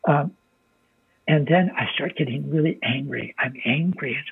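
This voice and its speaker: A man's voice: on the high side, normal speed, gravelly, husky, no echo. An older American man, a military veteran, telling his story as an interview guest in a plainspoken way, swearing freely. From United States. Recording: dry, phone-like narrow sound.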